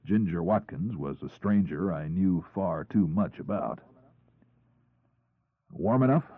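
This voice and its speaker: A man reading a crime audiobook in the first person, in a measured storytelling delivery. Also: sits low, no echo. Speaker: audiobook narrator. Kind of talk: first-person scripted narration. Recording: tinny phone-like, husky, dry.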